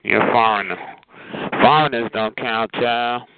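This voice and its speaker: A man's voice: medium pitch, steady tone, a little slow. A man ranting on the phone in a sassy, mocking way, calling people honey and child. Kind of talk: profane phone rant. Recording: tinny phone line with faint noise.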